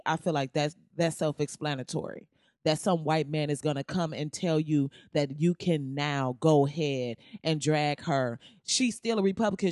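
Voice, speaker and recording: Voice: medium pitch, a little mellow, dry recording. Blunt profane podcast ranter, dry sound. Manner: sarcastic, laughs at own jokes. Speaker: podcast host. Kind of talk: casual opinion commentary.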